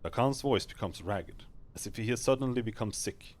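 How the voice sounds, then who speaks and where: A male streamer reading a game's narration aloud live, steady with small slips and restarts. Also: lowish voice, moderate pace.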